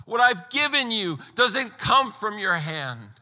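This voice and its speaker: A man preaching a sermon as pastor, emphatic, pressing hard on key words and rising to near-shouts. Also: high voice, very animated, slow pace, in a large hall.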